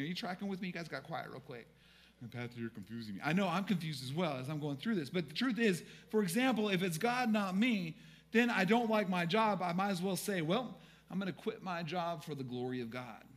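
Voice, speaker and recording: A man with a fairly high voice preaches to his congregation in an easy, conversational tone. He cracks jokes and asks the crowd to say lines back to him. For the big points he slows right down and lowers his voice almost to a hush. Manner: conversational preaching with jokes and audience call-and-response; slows down and drops to a hush for emphasis. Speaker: pastor. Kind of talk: sermon.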